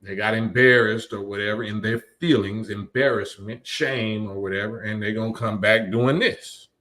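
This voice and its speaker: A man's voice: on the low side, fairly even intonation, normal speed, pushed and bright. A man hosting a live stream, reading chat comments and lecturing emphatically, often repeating his points. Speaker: livestream host.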